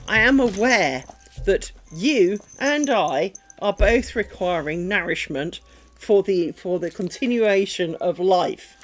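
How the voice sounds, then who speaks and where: A chatty woman streaming from home while she crafts. Her pitch swings up and down a lot as she rambles through stories, then sinks soft and low whenever she talks to her pets. Faint music plays behind her. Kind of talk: casual chat while crafting.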